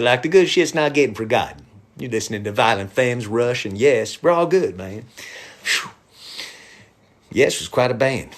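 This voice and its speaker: Loose, rambling man on a live stream. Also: medium pitch. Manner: rambling, loose and irreverent, drops into a hushed whisper at times. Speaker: musician and comedian streaming live. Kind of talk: casual live-stream talk to viewers.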